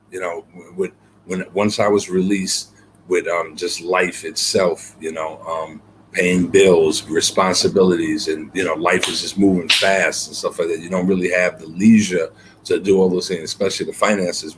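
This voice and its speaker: A man's voice: deep voice, steady tone, moderate pace, slight background noise. A man being interviewed as a guest poet, telling his story earnestly and reflectively, with many fillers and repeated words.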